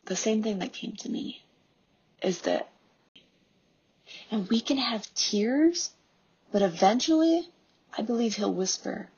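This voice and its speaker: A woman in her thirties, a homeschooling mom and podcast host, giving an earnest devotional talk with soft pauses. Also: medium pitch, gravelly, husky, highs cut off.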